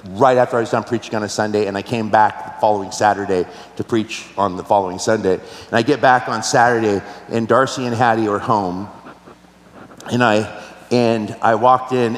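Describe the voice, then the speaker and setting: A man's voice: medium pitch, fairly bright tone. A male pastor preaching a sermon, telling a personal story earnestly and asking the listeners questions. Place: large church hall. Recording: roomy hall with long reverb.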